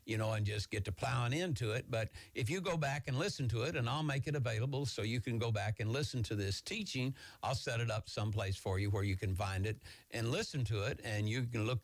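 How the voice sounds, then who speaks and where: Male pastor, quick and excitable, folksy sermon delivery, dry close recording. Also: mid-range voice, dry recording. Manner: fast, excited, folksy preaching. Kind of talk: Bible teaching sermon.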